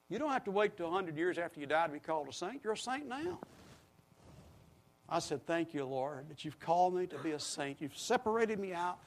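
A man's voice: sits high, bright, forceful tone. A middle-aged man preaching a sermon, leading the congregation in call-and-response. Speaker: pastor.

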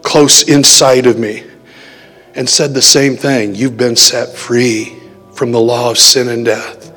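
A man preaching gives a testimony story in an easy, conversational tone at mid pitch, slowing and emphasizing key words whenever he quotes. Soft music plays underneath, and the big hall's long reverb lingers after each phrase.

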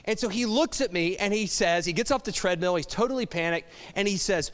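Man, middle-aged, pastor, self-mocking storytelling sermon, slightly high pitch, reverberant hall. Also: brisk, a bit bright.

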